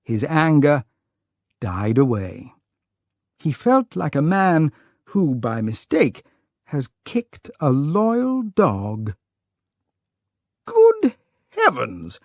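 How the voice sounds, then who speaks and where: A man narrating a humorous audiobook story for language learners, reading clearly and expressively. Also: a little high, sing-song, takes it slowly, a little mellow, no room sound, clean studio sound.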